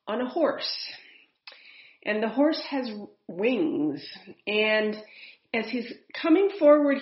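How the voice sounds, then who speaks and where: A woman of middle pitch guides a spirit-channeling session in a soft, unhurried voice, pausing often and letting out audible breaths. The room echoes around her. The sound is a little dull. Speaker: spiritual medium.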